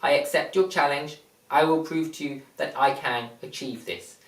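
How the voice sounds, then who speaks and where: A speaker voicing a calm, confident, gentle sun in a retold fable, measured and reasoning, recorded from a distance in an echoey room. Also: medium pitch, voice pushed down, lightly acted. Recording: echoey room, mic far off.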